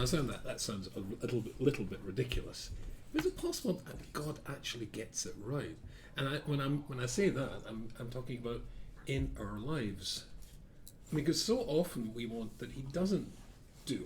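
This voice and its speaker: A man's voice: mid-range voice, darkish tone, slight background noise. A man giving an informal Torah class as a rabbi, a rambling storyteller who keeps correcting himself and drops dry asides.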